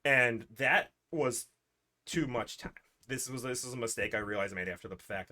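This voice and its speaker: A man in casual livestream chat, recapping his tabletop campaign as game master, rambling through restarts and quoting his characters. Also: medium pitch. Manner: rambling, many restarts and fillers, animated retelling with quoted lines.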